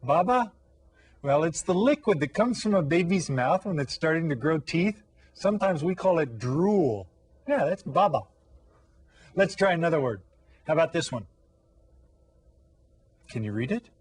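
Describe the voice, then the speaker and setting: Guy teaching little kids, slightly husky voice, goes up and down a lot, cheerful and patient. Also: on the high side, animated, moderate pace, pauses often. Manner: patient, encouraging, asks questions. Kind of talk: classroom lesson for children.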